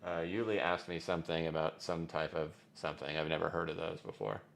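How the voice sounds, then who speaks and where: A man's voice: extremely low pitch, brisk, vocal fry. A male crypto livestream host chatting loosely with many fillers while reading out viewer comments.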